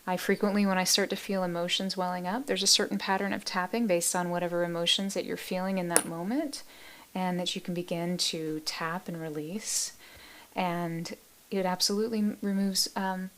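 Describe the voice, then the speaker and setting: A woman hosting a live meditation stream, chatting casually with viewers in a soft, gentle voice that often drops to a near-whisper, affectionate and quick to laugh. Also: lowish voice, flat delivery. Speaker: meditation livestream host. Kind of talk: casual livestream chat reading viewer comments.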